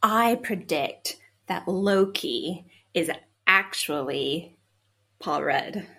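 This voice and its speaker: A woman on a podcast panel in a casual chat, playful and deadpan. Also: fairly low pitch, very slow, slightly rough.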